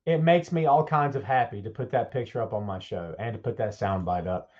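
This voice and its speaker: A man's voice: fairly low pitch, a little fast, darkish tone, lo-fi sound. A man hosting a live podcast stream, greeting viewers by name in an upbeat, folksy, chatty way. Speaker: podcast host.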